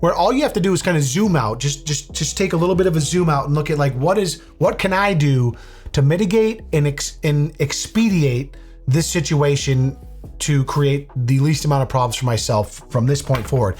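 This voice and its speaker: A man's voice: on the high side, moderate pace, darkish tone, faint music behind. A man giving blunt, sarcastic reaction commentary over a video, swearing freely. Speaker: commentary YouTuber.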